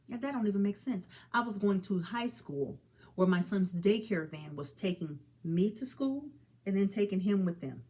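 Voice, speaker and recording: A woman's voice: mid-range voice, lively intonation, moderate pace, darkish tone, slightly rough. A woman in her forties speaking earnestly and directly to listeners, calling them honey and child as she pleads for people to help each other. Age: 40s. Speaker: mother speaking on suicide awareness. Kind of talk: heartfelt direct-to-camera talk.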